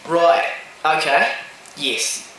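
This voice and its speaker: A man's voice: a little high, lively intonation, very slow, pushed and bright, very echoey, heavily acted, low-quality recording. A man voicing a brash Australian man with an Australian accent. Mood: breezy.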